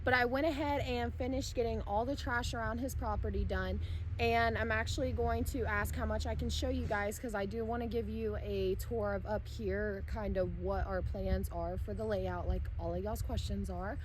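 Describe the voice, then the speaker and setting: A woman's voice: medium pitch, steady tone, moderate pace, slight background noise, rough recording. A woman who is losing her voice, chatting casually as she gives a walking tour of rural land while a tractor runs nearby and she talks up to be heard. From United States. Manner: chatty, talking up loudly over machinery. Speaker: homestead vlogger. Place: outdoors on rural hillside property. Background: tractor running nearby.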